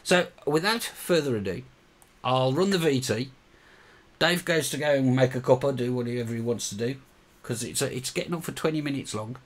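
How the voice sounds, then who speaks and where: A man hosting a chat show and narrating a video diary in a measured, conversational way. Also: mid-range voice. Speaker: show host.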